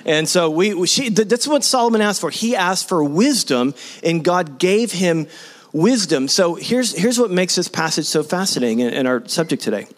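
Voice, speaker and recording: Male pastor, forties, slightly high-pitched, lively conversational sermon with call-and-response. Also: moderate pace. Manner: animated, leads the congregation in call-and-response; conversational, with many restarts and asides.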